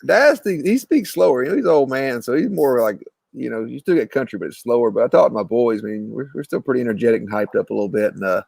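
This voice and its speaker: Fast-talking man with gravelly voice. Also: medium pitch, expressive, a little mellow, dry recording, studio quality. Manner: fast, rambling, teasing. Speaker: podcast co-host. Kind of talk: casual chat over drinks.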